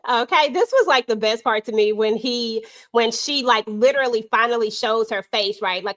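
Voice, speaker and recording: A woman leads a live online panel in a relaxed, slangy way. Her voice sits on the high side, and she sounds expressive and talks straight. She comes through a video call. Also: normal speed, few pauses. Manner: slangy, expressive, keeps it real. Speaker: panel host. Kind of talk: casual chat about a TV episode.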